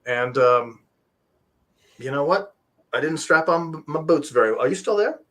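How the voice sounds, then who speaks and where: A man's voice: a little high, expressive, unhurried, bright, forceful tone. Joking, rambling male talk show host. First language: not English. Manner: joking, rambling, self-deprecating. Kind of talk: casual interview chat. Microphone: video call.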